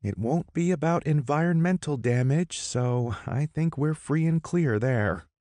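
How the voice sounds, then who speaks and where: Sarcastic male sidekick, done by a male narrator, wry, clearly higher voice, audiobook. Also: measured pace, mellow, dry recording, lightly acted. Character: wisecracking male partner, sardonic.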